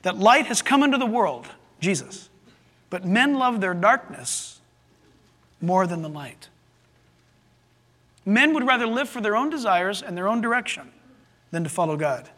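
High-pitched, bright-voiced preaching man. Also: sing-song, measured pace, long pauses. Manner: emphatic preaching, rhetorical questions to the congregation. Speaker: pastor. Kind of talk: sermon. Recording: long hall reverb.

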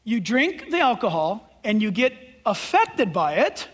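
A male pastor preaching a sermon, emphatic and swinging between loud declarations and hushed asides. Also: extremely high pitch, big pitch swings, normal speed. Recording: long hall reverb.

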